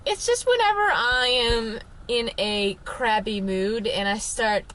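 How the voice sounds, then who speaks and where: A woman's voice: a little high, lively intonation, measured pace, fairly bright tone, distant mic, slight background noise, poor audio. A woman and wife reading viewer questions aloud in a chatty road-trip vlog, laughing easily, recorded in a car. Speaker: vlogger, wife.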